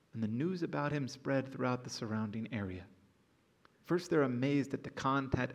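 A man preaching a sermon as pastor in a church auditorium, earnest and emphatic. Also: medium pitch. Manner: earnest, building to emphatic exhortation.

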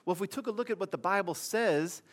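A man's voice: high voice, fast talker. A middle-aged man preaching a sermon, telling a funny story with comic asides to his congregation before reading scripture. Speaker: pastor.

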